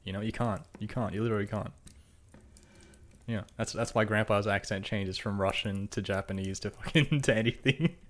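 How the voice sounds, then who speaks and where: A man's voice: fairly low pitch, steady tone, moderate pace, a bit bright, slight background noise. A man running a tabletop game, chatting casually on a podcast, joking around and repeating his words. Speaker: game master.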